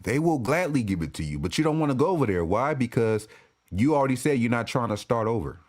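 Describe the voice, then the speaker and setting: A man ranting as a sports fan commentator, profane and animated, often restarting and repeating himself. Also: mid-range voice, fast. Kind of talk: ranting vlog.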